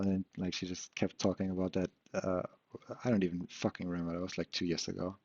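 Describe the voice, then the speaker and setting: Husky, deep young man rambling hesitantly. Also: fairly even intonation, no echo. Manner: hesitant, halting, self-questioning, swears casually. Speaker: vlogger. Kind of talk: unscripted rambling monologue. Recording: dull lo-fi, dry sound.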